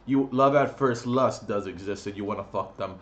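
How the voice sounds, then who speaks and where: A man's voice: lowish voice, normal speed, muffled recording. A man ranting on his vlog, crude and profane, blunt and mocking. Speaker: vlogger.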